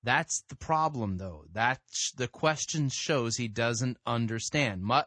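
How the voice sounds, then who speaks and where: Bright, dry-voiced man giving blunt critique. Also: medium pitch, measured pace, hardly any pauses, no room sound. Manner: blunt, corrective interjections. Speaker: podcast host reviewing sermons. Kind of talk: critical commentary.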